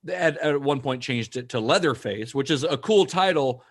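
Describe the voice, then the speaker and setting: A man hosting a podcast, recounting history in a relaxed, conversational way with some fillers. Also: medium pitch, moderate pace. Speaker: podcast host. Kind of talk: casual chat, recounting history.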